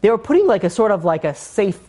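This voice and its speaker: A rabbi leads a relaxed Torah class in a lively, joking manner. The man jumps into different voices to act out the people in his story, then drops back into his easy teaching tone. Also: sits high, fast talker. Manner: animated and joking, acting out quotes in character.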